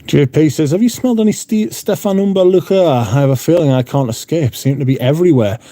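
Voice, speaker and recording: Male livestream host, mellow low-toned voice, casual and foul-mouthed. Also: a little fast, no room sound. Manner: sweary, blunt. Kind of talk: casual chat reading out viewer comments. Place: room at home.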